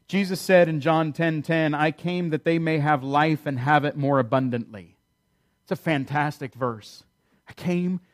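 A man delivering a sermon. His voice sits on the higher side, and he swings lively into mocking voices when he paraphrases the people in the story. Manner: animated, acts out quoted voices with sarcasm. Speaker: pastor.

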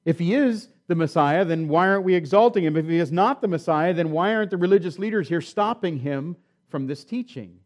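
A man's voice: on the high side, animated, brisk. A man preaching a sermon, retelling a scripture story and then reading the passage aloud with rising and falling emphasis. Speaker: pastor.

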